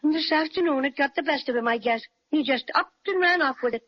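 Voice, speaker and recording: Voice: high-pitched, a little fast, natural voice. An actor playing a small, cheerful male teddy bear with an Irish lilt, chatty and fond of mock-ferocious growls, in 1930s radio drama acting. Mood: cheery. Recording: muffled 1930s radio recording.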